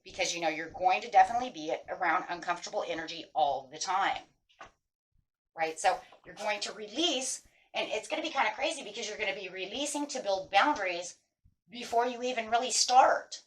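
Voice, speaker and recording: A woman's voice: mid-range voice, lively intonation, fairly quick, rough recording. A woman tarot reader giving casual spiritual advice, earnest and emphatic, who keeps checking in with her listeners by asking "right?". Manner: earnest, emphatic, repeats key phrases.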